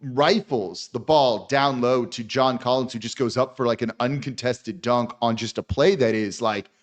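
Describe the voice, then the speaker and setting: A podcast host recapping a basketball game, stammering and exasperated. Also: male voice, medium pitch, normal speed.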